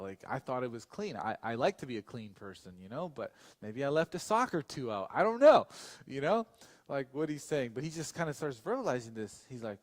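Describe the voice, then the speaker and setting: A man's voice: medium pitch, sing-song, normal speed, in a large hall. A male pastor telling a long personal story in a casual, chatty way, with many fillers and restarts and frequent asides to his listeners. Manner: speaks directly to the audience. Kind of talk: storytelling sermon.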